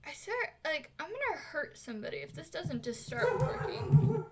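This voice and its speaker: A young woman streaming while she crafts, telling a story in a casual, animated way with lots of fillers and giggles. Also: very high-pitched, moderate pace, very noisy. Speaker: cosplay streamer.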